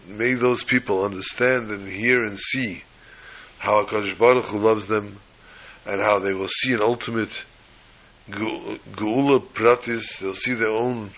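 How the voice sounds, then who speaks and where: A man's voice: on the low side, pushed and bright, rough recording. A man giving a sermon, emphatic, piling up repeated phrases and restarts.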